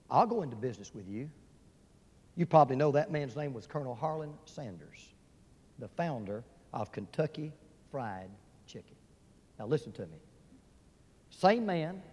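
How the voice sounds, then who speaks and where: A man with a notably high voice preaches from the pulpit, telling stories with lively acted-out voices. His words ring through a large church sanctuary, trailing a long echo. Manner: storytelling preacher who acts out quoted voices. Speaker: pastor. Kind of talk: sermon. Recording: long reverb of a large hall.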